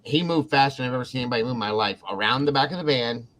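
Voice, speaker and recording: A man from Ohio tells a story in a loose, casual way. He curses freely and acts out what the people in it said. His voice sits at an ordinary middle pitch. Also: racing. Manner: animated, swears freely, acts out quotes. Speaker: podcast host.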